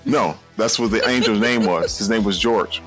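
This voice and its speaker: A man chatting excitedly about a film on a podcast, restarting his sentences as he goes. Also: on the low side, soft background music. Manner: animated, excitable, halting restarts. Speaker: podcast co-host. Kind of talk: casual movie chat.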